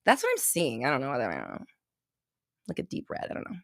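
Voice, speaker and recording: A woman hosting a casual livestream and doing intuitive readings for her chat, rambling, swearing freely and breaking into loud laughter. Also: rumbling low, wildly swooping pitch, a little fast, no echo, studio quality.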